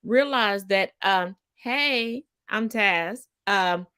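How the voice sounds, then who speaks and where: A woman in her forties co-hosting a live stream, brash and profane, teasing her co-host and swooping up loud when excited. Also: medium pitch, drawn-out words, clean tone, dry recording, studio quality. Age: 40s.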